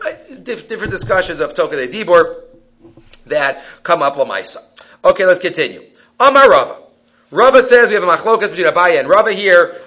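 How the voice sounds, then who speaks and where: A man teaching a Talmud class, reading Hebrew and Aramaic sources and posing rhetorical questions with animated delivery. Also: on the high side. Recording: dull lo-fi recording.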